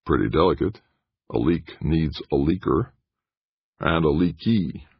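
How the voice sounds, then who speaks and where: A man's voice: a bass voice, expressive, a little slow, creaky, husky, no echo, muffled recording, full character voice. A man voicing a slick, breezy male PR director who talks in a glib, joking way.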